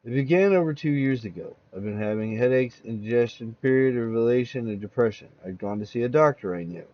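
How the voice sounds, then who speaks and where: A man playing a nervous, secretive man with a split personality, who speaks in a shaky, halting, confessional way. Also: medium pitch, dry recording, lo-fi sound, lightly acted. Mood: tense confession.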